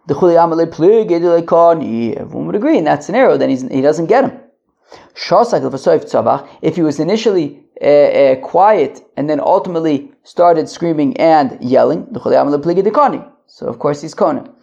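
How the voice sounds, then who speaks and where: Halting man teaching Talmud, slightly gravelly. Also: a little high, animated, mellow, highs cut off. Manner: halting, many restarts and fillers, Yiddish-flavored study terms. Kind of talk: daily Talmud lesson, translating line by line. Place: pacing at the edge of a wedding hall.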